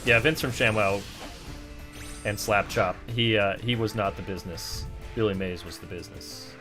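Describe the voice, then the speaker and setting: A man's voice: on the low side, steady tone, moderate pace, over music. A man guesting on a live game stream, chatting casually and teasing the others. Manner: teasing, joking. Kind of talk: casual chat while gaming.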